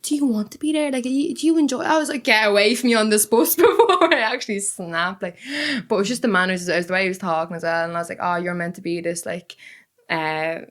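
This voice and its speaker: A woman's voice: mid-range voice, fast talker. A young woman from Dublin with a Dublin accent, a podcast guest chatting casually and acting out the lines of people in her stories. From Ireland, Dublin. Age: young adult. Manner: animated storyteller, acts out other people's lines. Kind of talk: casual chat.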